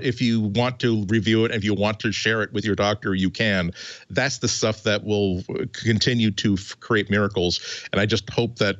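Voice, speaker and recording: A man's voice: fairly low pitch, a bit bright, no room sound, dull audio. A man on a podcast panel in casual tech chat, rambling and stumbling over his words with many restarts.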